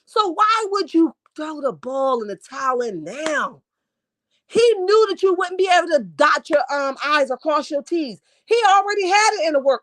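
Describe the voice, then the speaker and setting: A woman rants in a sassy, scolding way while reading comments on a live stream. Her voice sits high and is wearing hoarse. The sound is dry and close, with no room echo. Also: lively intonation, fairly quick. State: losing her voice. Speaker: YouTube commentary host.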